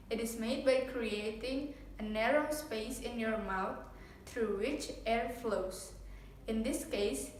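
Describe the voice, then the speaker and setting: A woman student presenting a scripted phonetics lesson, explaining each sound slowly and carefully. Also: a little high. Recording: echoey room with faint noise.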